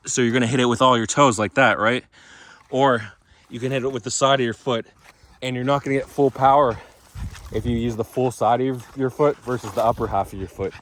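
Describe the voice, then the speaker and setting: A man's voice: medium pitch, fairly even intonation, brisk, a bit bright. A man vlogging outdoors in a casual, rambling way, full of restarts and asides. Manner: chatty, rambling with restarts and fillers.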